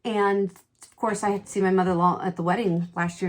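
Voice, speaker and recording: Working through a makeup tutorial, this middle-aged woman chats candidly and exclaims readily as she tells a story from her own life. Her voice sits in the mid range with fairly even intonation, and there's a little hiss or hum in the recording.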